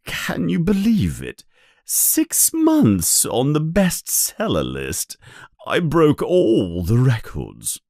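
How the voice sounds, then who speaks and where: A man's voice: on the high side, huge pitch swings, slow, darkish tone, no echo, studio quality, pitched above the performer's own voice, heavily acted. A man voicing a vain, cheerful wizard teacher with a pompous, self-pleased manner in a storybook reading.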